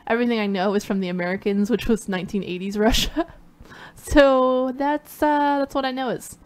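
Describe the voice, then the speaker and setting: A woman co-host chatting casually on a live stream, tossing in playful, deadpan quips. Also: a little high, normal speed.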